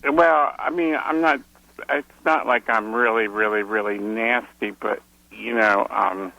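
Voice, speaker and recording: A man's voice: on the low side, steady tone, a little slow, creaky, pushed and bright, dry recording, low-quality recording. A man calling into an advice show, answering hesitantly with many ums. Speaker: caller. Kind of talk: call-in phone conversation.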